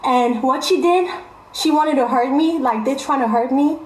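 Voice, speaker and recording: Young woman vlogger, high voice, emphatic repeats, echoey room. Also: normal speed, darkish tone. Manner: emphatic, repeats phrases for stress. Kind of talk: casual storytelling to viewers. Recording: roomy echo.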